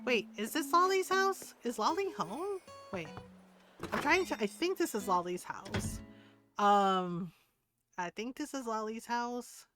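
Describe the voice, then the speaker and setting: A woman streaming a game, chatting casually, animated and giggly, with a casual habit of swearing. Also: on the high side, measured pace, music in the background.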